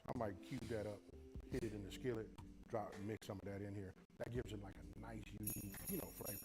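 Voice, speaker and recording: A man's voice: on the low side, steady tone, low-quality recording. A man hosting a cooking tutorial video, talking in a folksy, chatty way. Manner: folksy, talkative, rapid. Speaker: home cook on a cooking channel. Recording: music playing under voice.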